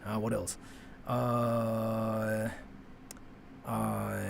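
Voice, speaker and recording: A man's voice: on the low side, fairly even intonation, slow, gravelly, long pauses, slight background noise. A young man whose first language is Japanese, chatting casually on a live stream and answering his chat, with a rambling manner that leans hard on "like" and lets phrase ends fade. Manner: rambling, heavy use of "like", trails off quietly at phrase ends.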